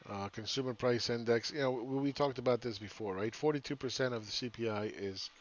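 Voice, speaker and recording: A man's voice: mid-range voice, a little fast, muffled recording, a little hiss or hum. A man giving casual, rambling live chart commentary as a market analyst, often asking "right?".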